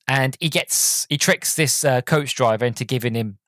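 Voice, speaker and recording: A man's voice: mid-range voice, normal speed, a bit bright, dry recording, clean studio sound. A man hosting a podcast, recapping a movie in a rambling, enthusiastic way. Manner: rambling, enthusiastic, many restarts. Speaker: podcast host. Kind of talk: casual movie review.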